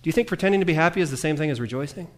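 A man preaching a sermon as pastor, animated, with jokey asides and voices he mimics. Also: fairly high pitch, racing.

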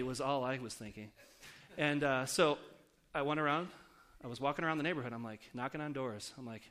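A man's voice: medium pitch, brisk, fairly bright tone. A pastor preaching a casual, story-driven sermon to his congregation, often asking the audience questions. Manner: conversational, asks the audience questions.

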